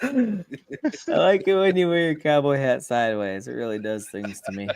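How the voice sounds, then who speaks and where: A man's voice: mid-range voice, normal speed, creaky, darkish tone, smooth. A man hosting a casual livestream podcast, bantering with crude jokes and frequent laughter. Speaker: podcast host.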